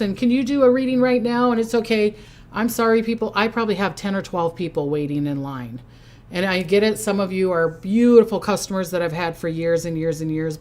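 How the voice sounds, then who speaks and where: Older woman, Minnesota accent, lowish voice, rambling and chatty as a psychic hosting a casual livestream. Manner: chatty and rambling, reading out viewer comments. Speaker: psychic host.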